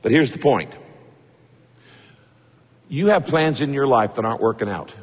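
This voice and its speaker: A man's voice: mid-range voice, big pitch swings, normal speed, long pauses, slightly rough, big-room sound. A man preaching a conversational, emphatic sermon, retelling a story and pressing the point home. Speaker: pastor.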